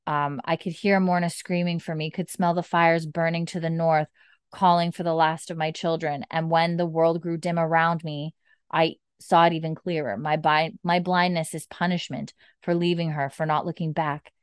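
Woman reading out a grieving old blind matriarch, low smooth voice, dry sound. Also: little pitch movement, normal speed, no room sound, natural voice. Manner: reads the lines out plainly from a script.

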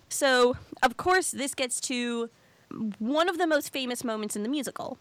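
A woman chatting casually with a co-host, recapping a musical and acting out lines in an animated way. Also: high voice, normal speed, smooth, no room sound. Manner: animated, acts out quotes. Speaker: podcast co-host.

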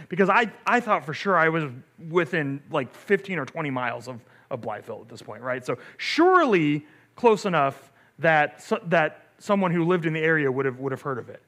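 A middle-aged man, a pastor, telling a story in a relaxed sermon, full of fillers and restarts, often asking "right?". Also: a little high, fairly quick.

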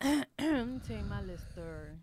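A woman co-hosts a podcast, chatting casually and telling animated stories full of swearing. Her voice is medium-pitched and she speaks at a normal speed.

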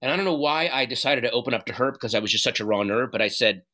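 A man being interviewed, speaking candidly and earnestly in halting bursts, with frequent restarts and some swearing. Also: medium pitch. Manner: earnest, halting, profane, animated retelling. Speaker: guest.

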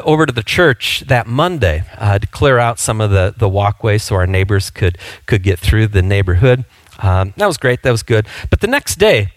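A man's voice: medium pitch, no room sound. A male pastor preaching a sermon in a conversational, storytelling way, with frequent fillers and restarts.

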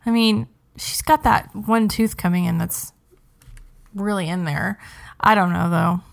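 A woman's voice: medium pitch, measured pace, creaky. A young adult woman hosting a podcast, chatting in an upbeat casual way with frequent ums. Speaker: podcast host.

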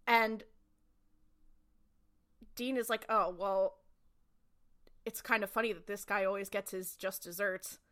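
A young woman co-hosting a podcast, retelling a TV episode in a quick, lively way and acting out the characters' lines. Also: medium pitch. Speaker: podcast co-host. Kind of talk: casual recap chat.

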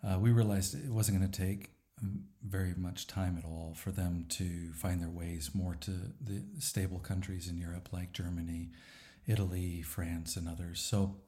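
A middle-aged man, a pastor and church planter, speaking thoughtfully in a podcast interview with frequent "uh" pauses. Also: low-pitched, steady tone, warm tone. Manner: thoughtful, with many "uh" fillers and a light laugh.

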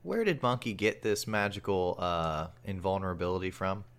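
A man chatting casually on a podcast, joking and swearing freely with frequent laughter. His voice sits very low. His talk is loose and irreverent. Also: moderate pace, smooth. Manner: profane, joking, laughs often. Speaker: podcast co-host. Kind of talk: casual chat.

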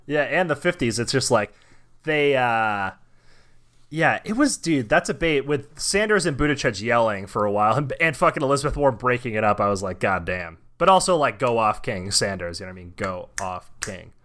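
Bright-voiced profane young man. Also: medium pitch, lively intonation, brisk. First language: English. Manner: swears constantly, emphatic, laughing asides. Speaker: podcast co-host. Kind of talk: casual profane chat.

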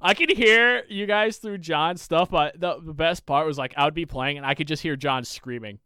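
A man's voice: a little high, moderate pace, sharp tone, smooth, dry recording, clean studio sound. A man co-hosting a casual podcast, telling stories in a rambling, profane way with lots of fillers. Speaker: podcast co-host.

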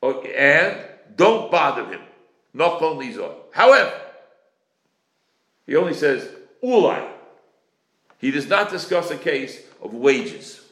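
A man's voice: mid-range voice, very animated, moderate pace, fairly bright tone. A man in his forties teaching a Talmud class, acting out creditor and debtor exchanges. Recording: echoey room.

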